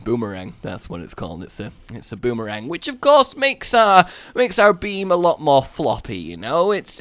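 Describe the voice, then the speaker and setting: A man giving casual let's-play commentary as a gaming YouTuber, rambling and self-mocking, breaking into excited yelps. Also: mid-range voice, dry recording.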